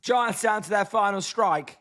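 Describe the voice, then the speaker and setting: A British man with a high, light voice calls the game live and chats with viewers between pitches. His voice is hoarse and tired, and his delivery stays loose and conversational, with plenty of complaints about the team. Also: a little slow, bright, forceful tone. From Britain. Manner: chatty, reads chat names, groans at the team. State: hoarse, voice tiring. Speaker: livestream host. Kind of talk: casual live watch-along commentary.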